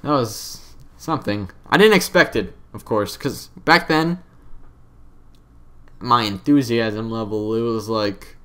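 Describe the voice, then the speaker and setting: Slow and fairly low-pitched with a fairly bright tone, this young let's play commentator rambles casually over his gameplay, offhand and quick to poke fun at himself.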